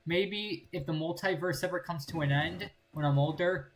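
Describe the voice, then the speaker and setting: A man's voice: a little high, normal speed. Casting: young male gaming host, casual playful rambling commentary, faint hiss.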